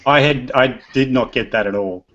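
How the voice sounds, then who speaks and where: A man's voice: medium pitch, normal speed. A man in a casual group voice chat, blunt and exasperated, swearing often. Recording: lo-fi stream audio with loud crowd noise.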